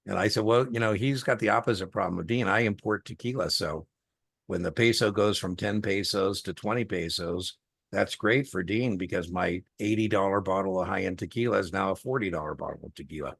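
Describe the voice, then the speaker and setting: A man's voice: low-pitched, fairly quick, gravelly, dry recording, clean studio sound. A middle-aged man tutoring a student one-on-one over a video call, chatty and folksy, telling stories with lots of fillers. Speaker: exam tutor.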